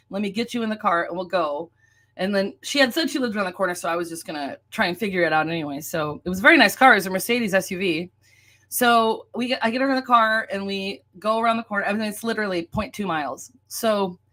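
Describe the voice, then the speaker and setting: A woman, casually telling a story while showing photos, animated and chatty, laughing often. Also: mid-range voice.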